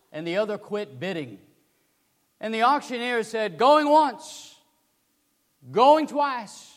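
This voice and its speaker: A high-voiced male preacher tells a sermon story slowly and dramatically. He swings between loud and hushed delivery, and his voice rings through a hall with a long reverb.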